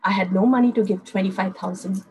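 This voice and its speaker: A woman's voice: medium pitch, fairly even intonation, fast, darkish tone, a little hiss or hum, rough recording. An older woman, preaching a fervent testimony sermon and telling stories to her listeners. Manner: fervent, storytelling, addresses listeners as friends.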